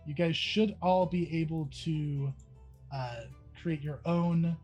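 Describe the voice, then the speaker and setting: A man running a tabletop game as game master, relaxed, explaining the rules step by step. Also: on the high side, slow, muffled recording, faint music behind.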